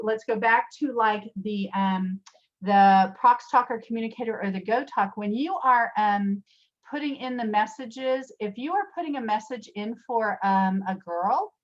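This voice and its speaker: A woman's voice: a little high, expressive, moderate pace, dull audio. A woman presenting a virtual workshop, chatty with many fillers and restarts, addressing attendees by name and telling classroom stories. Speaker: special education teacher. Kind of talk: virtual workshop talk with storytelling. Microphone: video call.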